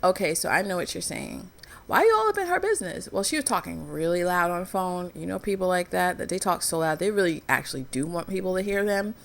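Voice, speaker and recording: Gravelly-voiced woman vlogging earnestly. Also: lowish voice, a little fast, few pauses. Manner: earnest, frank storytelling. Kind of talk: candid personal commentary.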